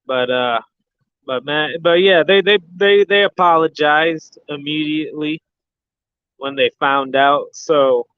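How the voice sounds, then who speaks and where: A man's voice: fairly high pitch, slow, smooth, no echo. A man hosting a boxing livestream in casual chat, rambling with lots of fillers and restarts. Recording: dull lo-fi sound.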